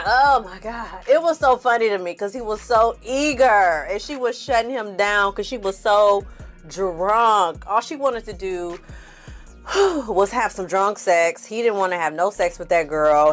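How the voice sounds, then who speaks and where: A woman hosting a casual reality TV recap, laughing often, swearing freely and calling her viewers "y'all" and "honey.". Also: mid-range voice. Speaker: TV recap host.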